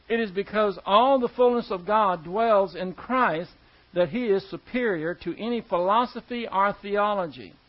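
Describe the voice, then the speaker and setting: A man's voice: sits high, moderate pace. A male preacher teaching verse by verse in a conversational, emphatic way, repeating key words for stress. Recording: dull lo-fi recording.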